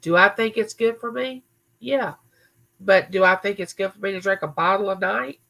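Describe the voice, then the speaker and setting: Bright-voiced chatty woman. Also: mid-range voice, moderate pace, gravelly, low-quality recording. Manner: chatty, answers viewers by name. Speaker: livestream host. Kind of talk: casual live chat reading viewer comments. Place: home recording room.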